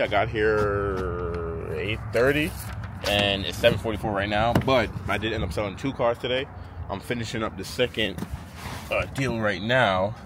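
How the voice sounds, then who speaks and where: A man who sells cars, chatting casually and with slang in a vlog while he drives, wearing a clip-on mic. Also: fairly low pitch. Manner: laid-back, slangy talk. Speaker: car salesman and vlogger. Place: in his car with the window down. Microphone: clip-on microphone. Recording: wind and road noise in a car.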